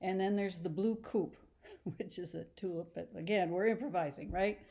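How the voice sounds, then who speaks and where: A woman teacher retelling a story in a chatty, animated lesson, acting out the scenes as she goes. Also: fairly low pitch, moderate pace. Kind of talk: casual lesson retelling a novel.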